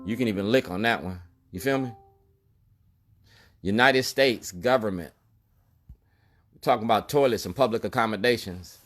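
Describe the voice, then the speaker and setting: A man's voice: fairly low pitch, normal speed, pauses often, a bit bright, soft background music. A middle-aged store owner speaking straight to the camera in a protest monologue, colloquial and emphatic, repeating his key lines. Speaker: store owner and activist vlogger.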